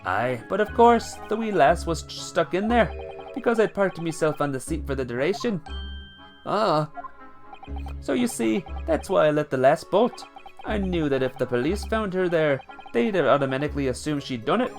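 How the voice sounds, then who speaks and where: A man voicing a courteous, self-assured Irish gentleman in a game, with old-fashioned turns of speech. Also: a little high, lively intonation, normal speed, faint music behind, pitched above the performer's own voice. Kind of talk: reading game dialogue aloud.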